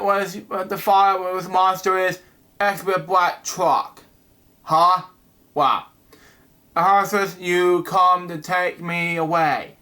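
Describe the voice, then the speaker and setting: A man reviews a comic book, reading it aloud and breaking in with frequent "wow"s and "anyways". His voice is high and bright, and he moves at a slow, halting pace. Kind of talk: casual reading and commentary.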